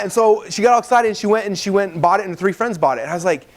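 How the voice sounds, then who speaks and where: A man in his thirties teaching a live seminar to a room, fast and animated, acting out dialogue in his stories. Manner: fast, animated storytelling, acts out dialogue in higher voices. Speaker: webinar trainer.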